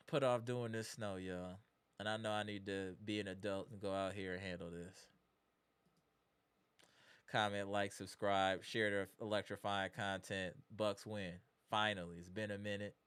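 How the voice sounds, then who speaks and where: Streamer talking trash about the other team, bright crisp voice, lotta slang. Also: deep voice. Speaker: live sports reaction streamer. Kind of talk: casual sports reaction rant.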